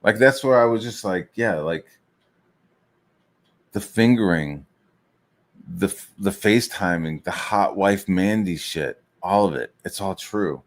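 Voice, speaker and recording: A man's voice: deep voice, measured pace, long pauses. A man hosting a show, ranting casually and heatedly, swearing and rambling as he retells a dispute. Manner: profane, heated, rambling, acts out others in quotes. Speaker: show host.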